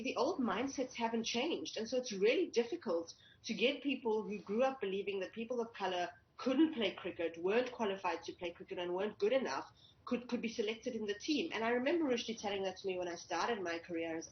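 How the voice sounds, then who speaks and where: A woman journalist talks through the news in a measured, thoughtful way, often restarting a phrase. She sounds like she is in an echoey room on a slightly dull remote line, with a faint hiss underneath. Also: mid-range voice. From South Africa. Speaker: cricket journalist. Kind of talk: news analysis interview.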